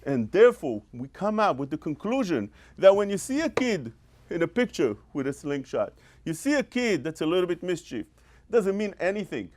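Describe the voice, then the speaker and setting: Animated rabbi with a lively high voice. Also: male voice. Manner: animated preaching, mimics scolding parents, quotes Hebrew rapidly. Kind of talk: sermon.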